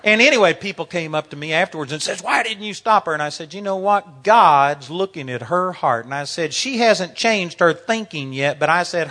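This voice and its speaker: A man of sixty delivers a sermon in a lively storytelling manner, often laughing between lines. His voice sits high for a man and rings bright and forward. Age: 60s. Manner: animated storytelling, laughing through anecdotes. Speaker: preacher.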